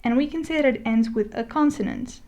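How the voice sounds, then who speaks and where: A woman teaching a Spanish lesson as a voice-over, talking in a relaxed, conversational way with fillers and restarts, slowing down to spell out example words. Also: a little high. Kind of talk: explaining a lesson over a digital whiteboard. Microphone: voice-over recording.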